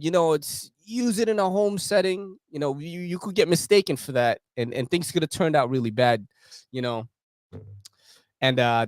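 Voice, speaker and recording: A man's voice: lowish voice, no room sound. A young man hosting a casual livestream chat, slangy and laughing as he tells stories. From Philippines. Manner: slangy, laughing, animated storytelling. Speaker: host.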